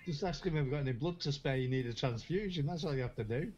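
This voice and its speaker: A man's voice: a little high, fast, highs cut off, over a noisy crowd. A man co-hosting a casual chat show, chuckling often and restarting his sentences. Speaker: podcast co-host.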